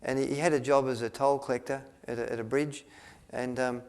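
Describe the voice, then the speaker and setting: A man tells a story to an audience. He rambles, restarts his sentences often and fills pauses with ums. He acts out the lines he quotes. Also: mid-range voice, flat delivery, clean tone. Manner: rambling, with many restarts and fillers, acting out quotes. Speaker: speaker at a health retreat.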